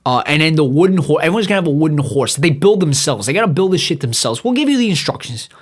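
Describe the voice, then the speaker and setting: A young man from New hosts a podcast solo, delivering a profane rant that rambles, with frequent stumbles and restarts. His voice is on the high side with lively intonation and a quick pace.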